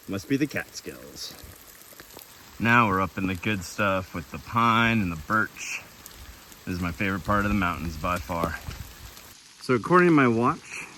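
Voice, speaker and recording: A man's voice: on the low side, slight background noise, rough recording. Breathless man hiking in the rain. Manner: relaxed, practical, self-deprecating. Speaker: hiking vlogger. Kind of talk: casual trail commentary. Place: outdoors on a rainy mountain trail. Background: light rain.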